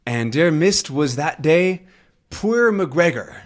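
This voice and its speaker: A man's voice: on the high side, animated, takes it slowly, pitched above the performer's own voice. A man voicing an old villager with a Scottish accent who tells ominous tales.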